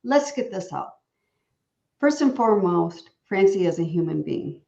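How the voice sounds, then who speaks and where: A woman's voice: fairly low pitch, sing-song, unhurried, vocal fry, mellow. A woman hosting an interview show, talking in a rambling, motivational way over a video call. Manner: rambling, motivational, fillers and restarts. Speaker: podcast host. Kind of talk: casual interview chat. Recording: roomy, dull video-call audio.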